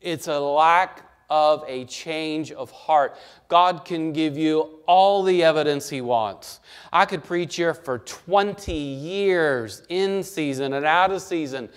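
A male pastor preaching a sermon, emphatic, with rhetorical questions and shifts between soft and loud passages. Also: on the high side, slow, clean tone.

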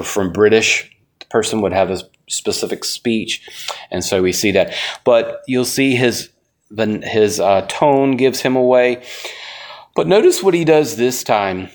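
A man's voice: fairly low pitch, normal speed. A man teaching a conversational Bible lesson, folksy and asking his class rhetorical questions.

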